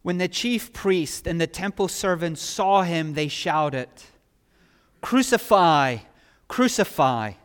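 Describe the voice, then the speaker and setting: A man delivering a sermon in a fairly high voice, often putting questions to his listeners. He moves between hushed, reflective stretches and loud, emphatic ones. His voice carries a long reverb, as in a large hall. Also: a little slow, few pauses. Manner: builds from quiet reflection to loud, rising emphasis; asks the listeners rhetorical questions. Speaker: preacher.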